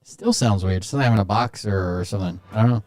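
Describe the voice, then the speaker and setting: Low-voiced man checking his mic. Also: fast talker, background noise. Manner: muttering while troubleshooting his mic. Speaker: stream host. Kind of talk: casual live-stream chat. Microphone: studio mic through a podcast mixer.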